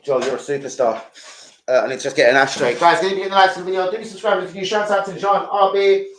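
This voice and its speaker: A man's voice: high voice, steady tone, quick pace, a little hiss or hum. Chatty man live streaming. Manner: chatty, swears freely, shouts out to viewers. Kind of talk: casual live stream chat.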